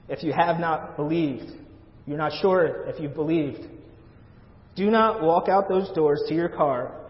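A man preaching a sermon in a church, earnest and pleading, repeating his phrases for emphasis. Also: a little high. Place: church sanctuary. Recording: echoey church hall, dull lo-fi sound.

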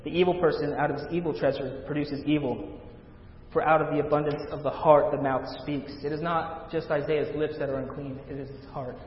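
A male pastor preaching a sermon, rising loud on scripture readings and dropping to a hush at the ends of points. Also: fairly even intonation, fairly quick, a little hiss or hum. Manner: dramatic swells of volume on scripture, hushed low endings. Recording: echoey hall, dull lo-fi sound.

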